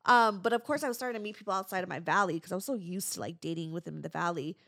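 A woman's voice: on the low side, rapid-fire, gravelly, fairly bright tone, no room sound, studio quality. A woman co-hosting a podcast, chatting casually, laughing often and filling her talk with "like.". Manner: laughs often, uses "like" a lot. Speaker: podcast co-host. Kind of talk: casual chat.

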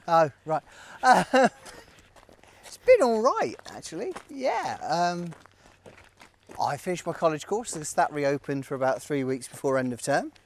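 Man, lively intonation, dry teasing quips, podcast co-host, countryside walk. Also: on the high side, a little slow. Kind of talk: casual walking chat.

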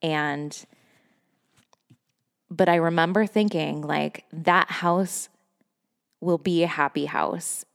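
A woman podcast host speaks in a somewhat low voice, unguarded and effusive as she tells her own story. She swears without a second thought and scatters "like" through every sentence. Bursts of laughter keep breaking into her phrases. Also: steady tone, slow pace, creaky, long pauses, clear, resonant tone, in a large hall. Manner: candid and effusive, swears freely, heavy use of "like"; laughs often between phrases. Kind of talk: casual personal storytelling.

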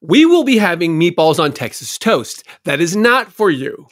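A woman playing a nervous, excited retreat host in an improvised comedy scene, repeating herself and gushing. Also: fairly low pitch, normal speed. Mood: bossy. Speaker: improv performer.

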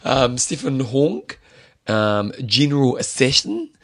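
A man's voice: medium pitch, animated, slow pace, fairly bright tone. A man co-hosting a casual podcast, joking as he reads out names. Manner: jokey, playful, reads out names. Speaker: podcast co-host. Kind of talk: casual chat.

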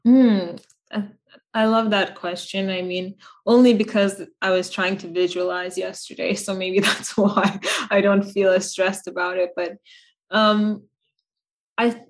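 A woman's voice: mid-range voice, steady tone, unhurried. A woman guest on a podcast talking casually and reflectively, with many fillers and restarts. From United States. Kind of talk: casual interview chat.

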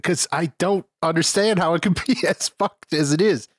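A man's voice: fairly high pitch, normal speed, no room sound, studio quality. A man co-hosting a casual film review podcast, wry and profane, rambling about the film's faults. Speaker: podcast co-host.

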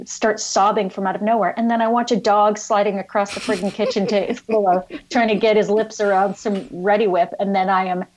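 A woman's voice: medium pitch, flat delivery, brisk, hardly any pauses, a little mellow, a little hiss or hum, rough recording. A woman comedian chatting over a video call, self-mocking and salty, swearing freely. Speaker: guest comedian. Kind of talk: casual video-call chat.

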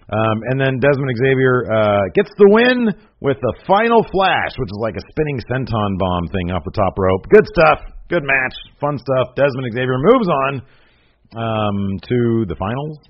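A man hosting a casual podcast, recapping a show in a rambling way, full of fillers and asides. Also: lowish voice. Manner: rambling, lots of filler and "anyways". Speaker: podcast host reviewing wrestling. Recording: dull lo-fi recording.

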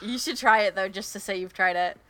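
A woman's voice: mid-range voice, brisk, a bit bright. A woman co-hosting a podcast in casual chat, joking and laughing often at her own show. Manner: laughing often, jokey and self-mocking. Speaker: podcast co-host.

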